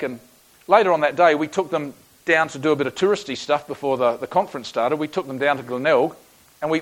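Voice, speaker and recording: A man's voice: a little high, low-quality recording. An Australian man preaching a sermon, telling a personal story in a conversational, folksy way with frequent restarts.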